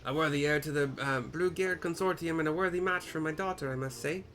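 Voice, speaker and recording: A man's voice: on the high side, fairly quick, a bit bright, faint music behind, voice pushed up, lightly acted. A man voicing a pompous, boastful older male merchant with a jovial, blustering manner.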